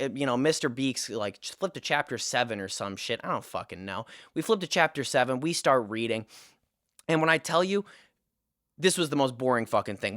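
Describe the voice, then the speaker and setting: A young man telling a storytime vlog in a casual, profane and animated way. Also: mid-range voice, no room sound, studio quality. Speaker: storytime vlogger.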